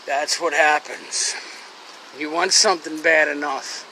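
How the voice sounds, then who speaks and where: This forties-aged Philly vlogger and scrap-metal worker sits in his truck, rambling, joking and mocking himself for his phone camera in a casual monologue. His voice sits on the high side with a steady, sharp tone, and his pace is a little slow. The low-quality recording carries slight background noise.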